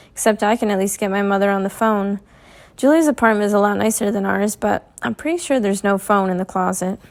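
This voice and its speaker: A woman reading a first-person novel aloud in a measured, clear storytelling manner. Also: mid-range voice. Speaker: audiobook reader.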